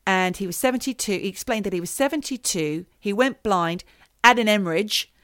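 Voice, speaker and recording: A woman, co-hosting a podcast and telling a story in a casual, animated way. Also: medium pitch, a little fast, clean tone, dry recording, studio quality. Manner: animated storyteller, mimics voices. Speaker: podcast co-host.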